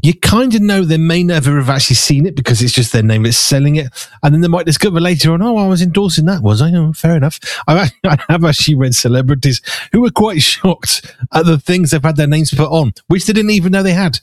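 Man, Black Country accent, radio host, rambling and self-mocking, slightly high-pitched, dry sound. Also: fast talker, no echo. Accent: Black Country English. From Black Country, England. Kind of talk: chatty radio talk between songs.

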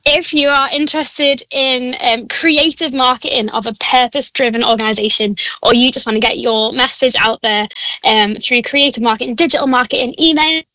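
Bright-voiced Scouse woman on a call. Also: high voice, fairly even intonation, moderate pace, dry recording, poor audio. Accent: Liverpool Scouse. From Liverpool, England. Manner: chatty, laughs often, encouraging. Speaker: guest. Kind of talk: casual chat. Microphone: phone call.

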